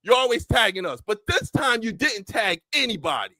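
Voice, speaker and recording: A man with a high, sharp-edged voice hosts his own podcast in loose, casual chat. He tells his story in an animated, rambling way, restarting sentences as he goes. The sound is close and dry. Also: normal speed, no echo, poor audio. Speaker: podcast host.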